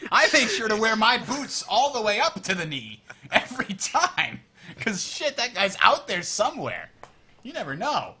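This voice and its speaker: A man co-hosting a casual gaming podcast, telling animated stories and acting out the lines he quotes. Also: high-pitched, normal speed, a little hiss or hum. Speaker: podcast co-host.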